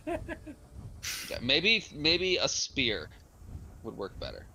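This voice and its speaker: A man's voice: mid-range voice, huge pitch swings, takes it slowly, pushed and bright, a little hiss or hum, low-quality recording. A man playing in a tabletop game, joking and laughing as he describes his moves. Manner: playful, laughing. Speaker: player.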